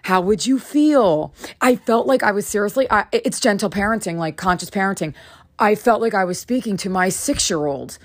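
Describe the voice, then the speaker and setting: A woman hosting a podcast, telling a personal story in a casual, animated way and acting out the dialogue. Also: mid-range voice. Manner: animated, acts out dialogue with quick bursts. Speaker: podcast host.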